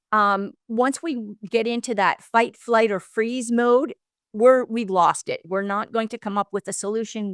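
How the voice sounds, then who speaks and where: A woman divorce coach giving calm, explanatory advice as a podcast guest. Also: medium pitch, clean tone, dry recording, studio quality. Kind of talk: podcast interview.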